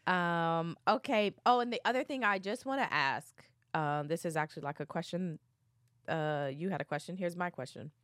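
A woman's voice: fairly low pitch, moderate pace, dry recording. A woman co-hosting a podcast in casual chat, telling stories with dry humor. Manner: animated storyteller, dry humor. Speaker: podcast co-host.

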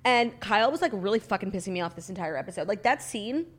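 Casting: blunt, animated woman podcast co-host with a swooping, expressive pitch, casual chat. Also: quick pace. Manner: animated, blunt, swears freely.

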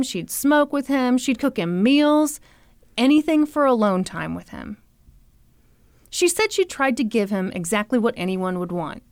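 A young woman hosting a podcast, telling a true crime story in an animated, chatty way full of "like" and "you know". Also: a little high, smooth, no room sound, clean studio sound. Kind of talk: casual storytelling chat.

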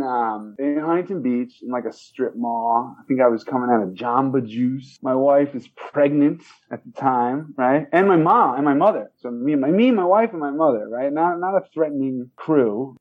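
A man's voice: mid-range voice, phone-quality sound. A man in his forties, a comedian telling stories in casual chat, rambling with lots of fillers. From United States. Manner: rambling, many "you know" and "man". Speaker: comedian guest.

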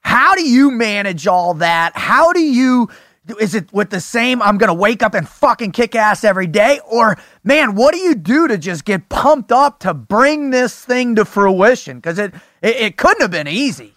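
Hyped-up podcast host guy, high bright voice, dry close sound. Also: unhurried, no room sound. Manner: excitable, gushing, lots of restarts. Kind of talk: casual podcast conversation.

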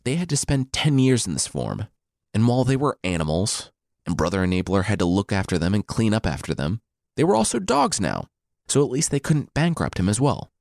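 A man's voice: fairly low pitch, sing-song, a little fast, vocal fry, a little mellow, no echo, clean studio sound. A man telling a story as comedy, with irreverent, sarcastic asides.

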